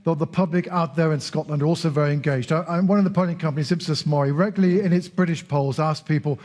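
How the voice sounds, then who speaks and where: Man, polling expert, rapid explanatory delivery, slightly raised pitch. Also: darkish tone. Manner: measured, explanatory. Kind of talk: analytical commentary.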